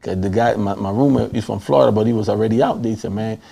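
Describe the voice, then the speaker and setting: Gravelly low-voiced man with a Panamanian accent. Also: fast, warm tone. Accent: Panamanian Caribbean English. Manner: acts out quoted voices, laughs often. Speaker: interview guest. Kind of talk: animated storytelling in conversation.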